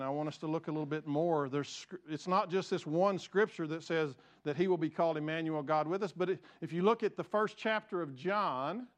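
A high-pitched man preaching a sermon. He hammers home key phrases, asks the congregation to say lines with him, and slips into casual asides with restarts along the way. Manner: frequent restarts and fillers, conversational asides. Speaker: pastor.

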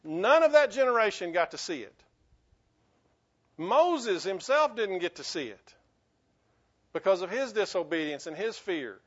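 A man's voice: high-pitched, sing-song, unhurried, long pauses. A man preaching a sermon as pastor, earnest and emphatic, often restarting his phrases. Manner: earnest, repetitive restarts, rising to emphatic bursts. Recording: dull lo-fi recording.

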